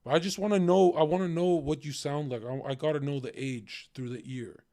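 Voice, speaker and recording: A man's voice: medium pitch, normal speed, mellow, dry recording, studio quality. A man hosting a livestream, talking casually, swearing a lot and taunting his chat. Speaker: livestream host.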